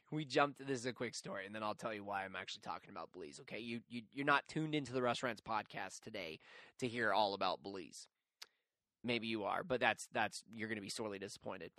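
A young man hosting a podcast, telling a story in a chatty, animated, self-mocking way with lots of fillers. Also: mid-range voice, dry recording, clean studio sound. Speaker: podcast host. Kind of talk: casual storytelling.

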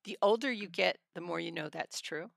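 A woman's voice: fairly low pitch, normal speed, creaky, no echo, studio quality. A middle-aged woman, a trial attorney, telling blunt stories in a casual podcast conversation and laughing often.

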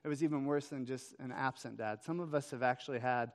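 A man in his thirties preaching a Father's Day sermon, telling a story with quick swings between loud and hushed. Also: mid-range voice. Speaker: pastor. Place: church hall. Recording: echoey hall reverb.

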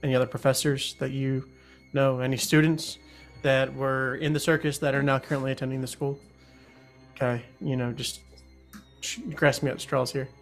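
Male podcast host, playful and halting, mid-pitched, plays an investigator character. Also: flat delivery, gravelly, faint music behind. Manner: playful, hesitant restarts. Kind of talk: in-character tabletop play.

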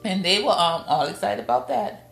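A middle-aged woman with a New Orleans accent, a podcast guest telling family stories in a lively, casual way and acting out the voices of her relatives. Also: moderate pace, gravelly. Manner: lively storyteller, acts out family quotes with big pitch jumps. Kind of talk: casual storytelling interview. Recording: roomy room with faint music behind.

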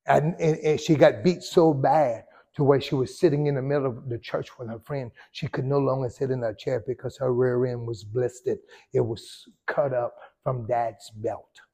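A male pastor, preaching a sermon and telling a story with sudden loud surges and hushed drops. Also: mid-range voice, steady tone, normal speed, husky.

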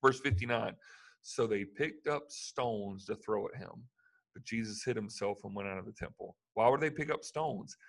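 A man preaching a sermon, reading Bible passages aloud and explaining them with animated emphasis. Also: fairly low pitch, normal speed, poor audio.

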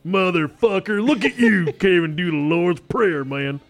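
A man's voice: sits high, expressive, moderate pace. Fields: man putting on a crude Southern witch-hunter. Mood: accusing. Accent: put-on American Southern. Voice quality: crude, drawling.

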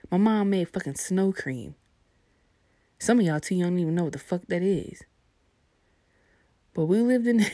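Gravelly-voiced young woman telling a story. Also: low voice, mellow, no room sound. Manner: profane, laid-back, chatty. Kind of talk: casual personal storytelling.

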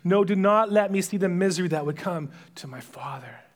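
A male pastor with a high voice speaks a little fast as he preaches, dramatically retelling a story and sinking to hushed whispers at its emotional moments.

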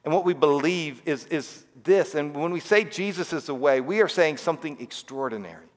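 A man's voice: on the high side, animated, a little fast, big-room sound. A man giving a casual, conversational sermon to children, often checking in with "right?". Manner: conversational, frequent "all right?" and "right?" asides. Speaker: pastor.

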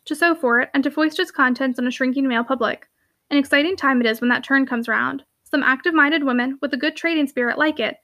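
A woman reading a classic novel aloud in a brisk, lively narration. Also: high voice. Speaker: audiobook reader.

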